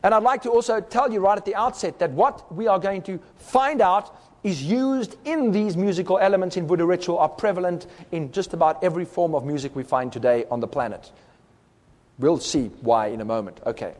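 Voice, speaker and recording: A man's voice: high voice, brisk, darkish tone, big-room sound. A man giving a recorded teaching talk, explaining step by step and sounding out rhythms with his voice. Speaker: speaker.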